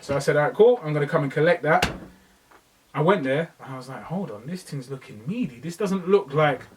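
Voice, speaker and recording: A young man, co-hosting a podcast in casual chat, telling stories in lively slang. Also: fairly high pitch, brisk, breathy edge, recorded from a distance, low-quality recording. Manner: slangy, animated storytelling. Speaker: podcast co-host.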